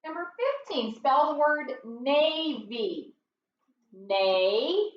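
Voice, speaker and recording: A woman teaching a phonics lesson, sounding out words slowly and patiently for young learners. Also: high-pitched, animated, echoey room, far from the mic, lo-fi sound, a little hiss or hum.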